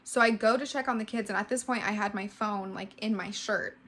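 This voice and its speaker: Bright-voiced young woman telling a story. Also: mid-range voice, brisk. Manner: heavy use of "like", emotional retelling. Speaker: vlogger. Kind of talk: casual storytime narration.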